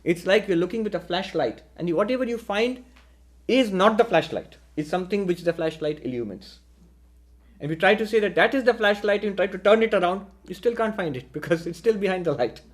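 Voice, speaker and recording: A man, a spiritual teacher, giving a deliberate philosophical lecture and posing rhetorical questions. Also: high voice, lively intonation.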